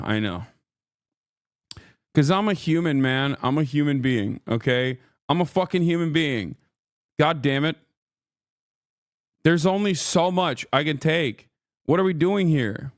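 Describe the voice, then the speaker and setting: Man, thirties, streamer, angry profane rant, fairly high voice, dry close mic. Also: no echo. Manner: profane, heated, repeats "okay?" often. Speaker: streamer reacting to a video.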